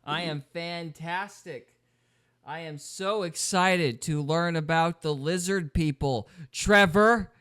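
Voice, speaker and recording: Upbeat joking guy hosting a podcast, bright voice, laughs a lot. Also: fairly high pitch, takes it slowly, clear, resonant tone. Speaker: podcast host. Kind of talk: casual podcast chat.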